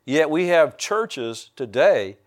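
A man's voice: fairly high pitch, very animated, slow. An older man, a pastor preaching a folksy, joking sermon and calling out to his congregation.

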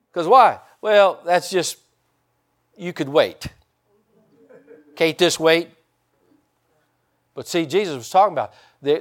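A man preaching a conversational sermon and talking directly to his congregation. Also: sits high. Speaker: pastor.

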